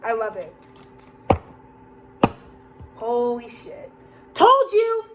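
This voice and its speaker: A woman's voice: fairly high pitch, very animated, extremely slow, very noisy. A woman giving a rambling, profane spoken tarot reading, laughing often and acting out the people she quotes. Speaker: tarot reader.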